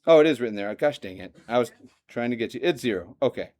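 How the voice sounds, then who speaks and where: A man's voice: mid-range voice, quick pace. Guy teaching math in a classroom, chatty, pokes fun at himself, keeps asking questions. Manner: lively, asks students questions, self-joking. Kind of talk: classroom lecture.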